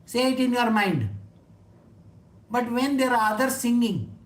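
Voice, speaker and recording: A woman with a somewhat high voice talks through scripture in a loose, conversational way. She keeps turning to her listeners with questions and laughs easily. The room around her is echoey. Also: animated, unhurried. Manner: chatty, asks listeners questions, laughs often. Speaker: spiritual teacher. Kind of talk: informal scripture talk.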